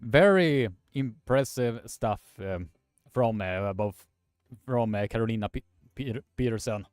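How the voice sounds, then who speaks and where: A man hosts a live commentary stream and talks to his viewers at an unhurried pace. He stops and starts often. His voice sounds close and dry, with no room echo. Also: fairly low pitch, a little mellow, clear, resonant tone, faint music behind. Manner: halting, filler-heavy delivery.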